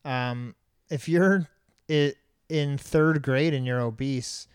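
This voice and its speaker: A man's voice: mid-range voice, slow pace, smooth, no echo, studio quality. A man in his thirties co-hosting a casual chat, talking in a blunt and opinionated way and laughing easily. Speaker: podcast co-host.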